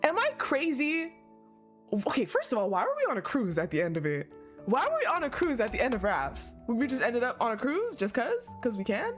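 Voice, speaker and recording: A woman streamer reading game dialogue aloud and reacting, animated and swearing freely as she rants to viewers. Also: a little high, fairly quick. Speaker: gaming streamer. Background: faint game music.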